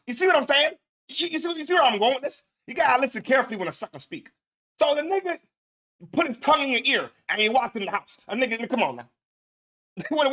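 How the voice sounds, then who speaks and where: High, bright-voiced man host. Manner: laughing, profane, emphatic repetition. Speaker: show host. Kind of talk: reaction commentary.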